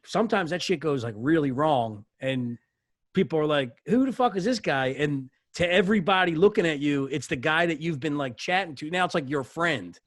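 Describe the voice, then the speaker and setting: A man, a bartender telling stories on a podcast, animated and cursing freely. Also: a little high, normal speed, no room sound, clean studio sound. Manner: animated storyteller, swears often. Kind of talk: casual podcast chat. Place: podcast studio.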